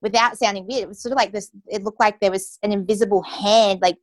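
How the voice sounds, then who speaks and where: Speaking fast in a steady, medium-pitched voice, this young woman recounts a personal story as an interview guest. "Like" and "you know" fill her casual speech, captured in a dry recording.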